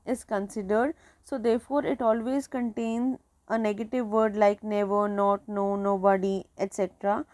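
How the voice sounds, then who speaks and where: A woman's voice: on the high side, darkish tone, no room sound. A woman with an Indian English accent giving a recorded grammar lecture, explaining patiently, with fillers and repeated phrases. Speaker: teacher.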